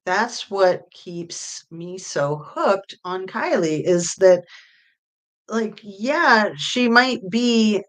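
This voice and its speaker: A middle-aged woman hosting a true crime livestream, chatting casually with viewers in a rambling way full of fillers. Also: fairly low pitch. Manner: rambling, with many fillers and pauses. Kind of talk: casual livestream chat reading viewer comments.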